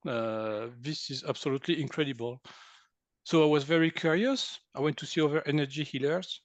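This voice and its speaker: A Frenchman in his sixties, an energy healer, tells his story as an interview guest in French-accented English. He's animated, laughing often and acting out what people said, in a fairly high, brisk voice with no room sound.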